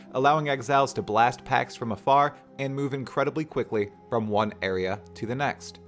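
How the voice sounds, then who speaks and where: A man hosting a gaming video, giving scripted commentary in a playful, enthusiastic, explanatory way. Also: mid-range voice. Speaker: gaming YouTuber host.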